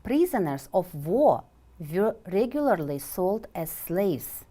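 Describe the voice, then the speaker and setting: Slow, lively-voiced woman teaching English. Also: fairly low pitch. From Kyrgyzstan. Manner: slow, deliberate, clearly enunciated; asks questions and answers them herself. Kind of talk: televised vocabulary lesson.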